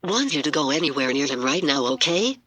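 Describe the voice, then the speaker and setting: A man's voice: fairly high pitch, sing-song, a little fast, sharp tone, husky, exaggerated voice. A man voicing a stern mother who scolds her teenage daughter in a homemade story reading.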